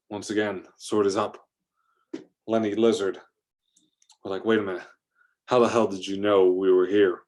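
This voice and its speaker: A man narrating an improvised adventure story, rambling along with fillers and restarts. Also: on the low side.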